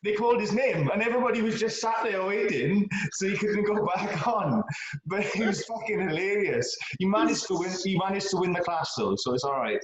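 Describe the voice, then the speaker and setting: Man, podcast guest, slightly high voice, echoey room, relaxed storytelling. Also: a little fast, over a noisy crowd. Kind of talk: casual chat.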